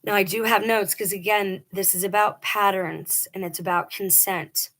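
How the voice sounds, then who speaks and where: A woman's voice: medium pitch, steady tone, moderate pace, a bit bright. A middle-aged woman telling a personal story in a casual, earnest and emphatic way, acting out quoted dialogue. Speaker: vlogger telling a personal testimony.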